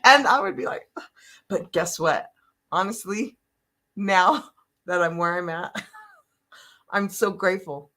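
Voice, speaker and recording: An older woman hosting a live motivational talk, telling stories in an animated, emotional way and laughing often. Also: on the low side, slow pace, long pauses. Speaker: host.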